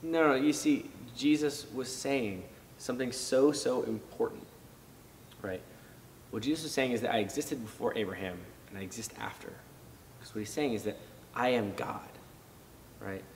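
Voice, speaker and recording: A man's voice: medium pitch, moderate pace, pauses often, big-room sound, recorded from a distance, a little hiss or hum, low-quality recording. A man giving a casual youth sermon, talking it through conversationally with fillers and restarts. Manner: animated when acting out reactions. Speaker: youth pastor.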